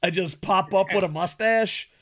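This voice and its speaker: A man co-hosting a podcast in casual chat, loud and laughing, swearing through fast banter. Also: high voice. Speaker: podcast co-host.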